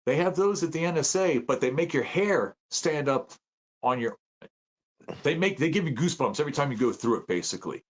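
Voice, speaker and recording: A man in his fifties from the United States, a guest telling stories in a casual interview, excitable and acting out the voices he quotes. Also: fairly high pitch, brisk. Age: 50s. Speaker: podcast guest, veteran and citizen journalist.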